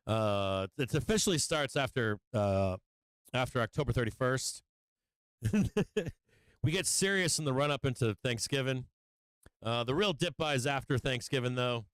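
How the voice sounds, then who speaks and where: Male trading-stream host, casual and rambling, profane venting, smooth voice, dry close sound. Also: mid-range voice, no room sound, rough recording. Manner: profane, venting frustration, laughing at himself; rambling with fillers and restarts. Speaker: livestream stock trading host. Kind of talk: casual live-stream market talk.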